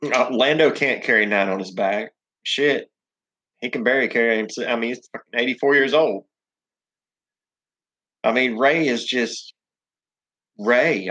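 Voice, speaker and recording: A man's voice: mid-range voice, fairly bright tone. A man with a Southern US accent hosting a casual live chat, rambling and swearing, full of ums and restarts. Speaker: live stream host.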